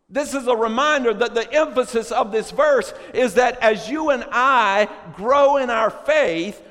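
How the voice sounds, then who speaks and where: A man preaching a sermon to a congregation, moving from chatty asides to shouted, drawn-out, emphatic phrases. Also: very high voice. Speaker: pastor. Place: church sanctuary. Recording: long reverb of a large hall.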